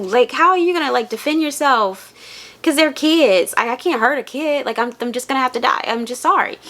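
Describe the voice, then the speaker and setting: A woman chatting casually in a book unboxing vlog, rambling and excitable, with lots of "like" fillers. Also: high-pitched. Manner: chatty and rambling, heavy use of "like". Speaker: book vlogger.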